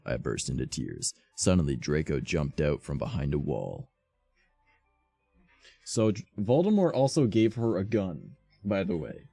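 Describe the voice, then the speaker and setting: A man streaming while reading fan fiction aloud, adding profane, deadpan asides in a slightly sore voice. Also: rumbling low, measured pace, creaky, slightly rough, no echo, soft background music.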